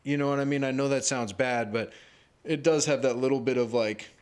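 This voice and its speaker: A man's voice: fairly quick, clean tone. Rambling male comedian on a podcast. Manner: rambling, filler-heavy, acts out quotes with rising pitch. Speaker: podcast co-host and stand-up comedian. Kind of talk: casual podcast chat.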